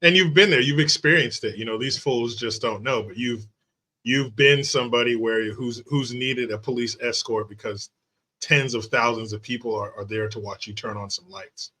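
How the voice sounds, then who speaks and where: A man's voice: medium pitch, normal speed, pushed and bright, husky. A man hosting a casual interview, asking enthusiastic, affirming questions. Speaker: host.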